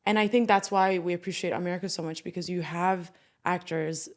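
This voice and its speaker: A woman's voice: lowish voice, fairly even intonation, brisk. A young woman from Turkey with no noticeable accent, a guest actress chatting casually on a podcast and using plenty of "like" fillers.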